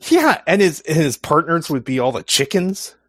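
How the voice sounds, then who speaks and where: A man co-hosting a casual chat, playful and animated, laughing often. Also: on the high side, moderate pace, breathy edge, dry recording, studio quality. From not California.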